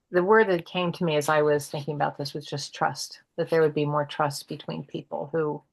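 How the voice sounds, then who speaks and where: A woman's voice: low voice, creaky, poor audio. A woman facilitating a group discussion over a video call, speaking thoughtfully and guiding the others.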